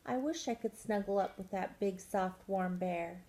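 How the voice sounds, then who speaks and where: A woman's voice: measured pace, mellow, slight background noise, close to an everyday voice. A woman voicing a small, timid female mouse with a cold who talks in a sniffly way. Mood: wistful. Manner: sniffly, squeaking when upset.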